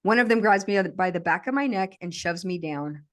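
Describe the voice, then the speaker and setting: Low-voiced woman intensely recounting a memory. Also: animated, moderate pace. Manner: intense, vivid present-tense storytelling. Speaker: podcast guest.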